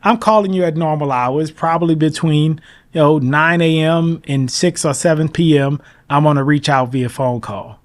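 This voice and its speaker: A man being interviewed as a mortgage broker, talking in an animated, emphatic way and acting out his phone calls. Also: on the high side, normal speed. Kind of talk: casual interview talk.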